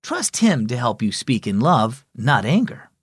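A man voicing a calm father in a storybook tale, speaking patiently and softly. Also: medium pitch, a little slow, husky, dry recording, studio quality. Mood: gentle. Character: calm, gentle father giving advice.

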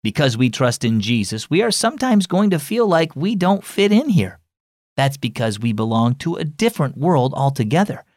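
A man voicing a caring mother who is gentle but firm, in a children's storybook reading. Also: medium pitch, big pitch swings, normal speed, no room sound, studio quality, natural voice. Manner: soothing, firm.

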